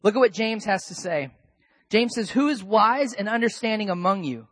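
A male pastor delivering a sermon in a loose, conversational way. He drops to quiet asides, then rises to loud, emphatic bursts. The sound is dry and close, with no room echo. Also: high-pitched, expressive, moderate pace.

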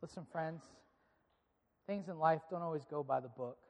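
The lo-fi recording catches a pastor with a voice on the high side, speaking at normal speed as he preaches to a live congregation. In the large church auditorium, with its long hall reverb, he playfully gets them clapping and repeating phrases.

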